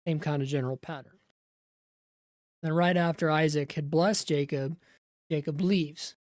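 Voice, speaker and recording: A woman's voice: low voice, steady tone, moderate pace, darkish tone, no echo, clean studio sound. A woman, a Bible teacher, retelling scripture in a conversational way, with asides to the viewer.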